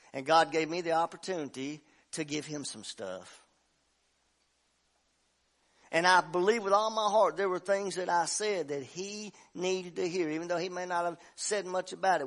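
A man preaching a sermon as pastor, telling a story in a folksy way and building to loud shouts. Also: fairly high pitch. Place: church sanctuary.

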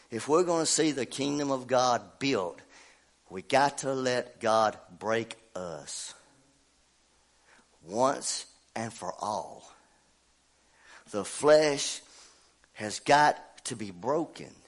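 A middle-aged man, preaching and telling a homey story in a folksy, animated way, his voice congested from a cold. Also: medium pitch, takes it slowly, pauses often. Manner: folksy, animated, laughs at himself. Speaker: pastor. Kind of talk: sermon with personal story.

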